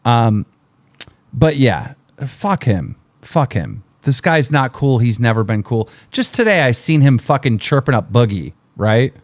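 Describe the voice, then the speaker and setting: A man's voice: mid-range voice, lively intonation, measured pace. A middle-aged man hosting a livestream, ranting in an angry, mocking, profane way. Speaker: livestream host.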